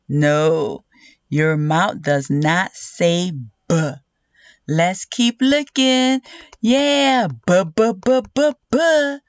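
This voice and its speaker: Woman, children's phonics teacher, very slow, exaggerated sounding-out, dull lo-fi audio. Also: medium pitch, darkish tone, no room sound.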